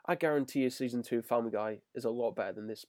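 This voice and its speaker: A man's voice: mid-range voice, rapid-fire, darkish tone, dry recording, clean studio sound. A man co-hosting a podcast, casually and grumpily picking apart a cartoon episode. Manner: grumbling, exasperated critique. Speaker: podcast co-host. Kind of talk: casual episode review chat.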